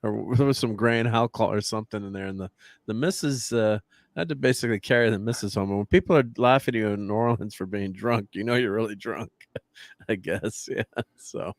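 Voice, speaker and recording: A man's voice: on the low side, a little fast, no echo, studio quality. A man chatting casually as co-host, laid-back and chuckling as he talks. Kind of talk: casual chat.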